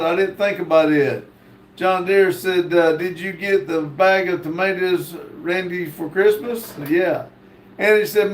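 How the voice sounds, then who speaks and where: A man hosting a live stream, reading viewer comments aloud and stopping often on fillers. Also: high-pitched. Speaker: livestream host. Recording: echoey room.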